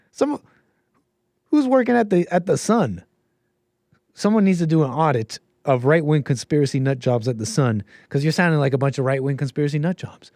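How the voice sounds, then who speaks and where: A man's voice: fairly high pitch, big pitch swings, normal speed, a little mellow, no room sound, studio quality. A man hosting a solo commentary livestream, sarcastic and mocking, often laughing at what he reads. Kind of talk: solo political commentary stream.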